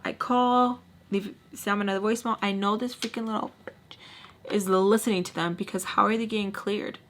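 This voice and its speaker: Woman, casual storytime vlog, blunt and dramatic, mid-pitched voice. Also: fairly even intonation, normal speed, a bit bright. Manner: candid, dramatic, blunt and profane. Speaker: storytime vlogger.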